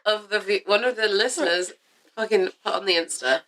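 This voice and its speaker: A woman's voice: medium pitch, a little fast, fairly bright tone. A woman co-hosting a podcast, teasing her friend dryly and swearing casually. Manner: dry, teasing, swears often. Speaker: podcast co-host. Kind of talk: casual chat.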